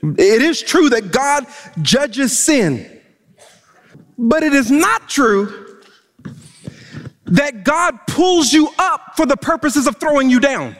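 A male pastor preaching a sermon in an unusually high voice, driving his points home with emphatic, stumbling repeats. His words trail off in the long reverb of a large hall. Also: fairly bright tone.

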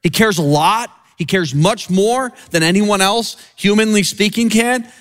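Earnest man preaching a sermon. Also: a bit bright. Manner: earnest, swinging high and low for emphasis, slowing on key phrases.

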